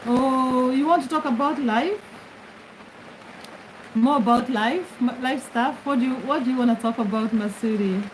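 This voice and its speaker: A woman's voice: sits high, moderate pace, a little hiss or hum, poor audio. Chatty woman on a livestream. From Kenya. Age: middle-aged. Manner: chatty, greets commenters, laughs often. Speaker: livestream host. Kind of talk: casual livestream chat. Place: bedroom, lying on her bed.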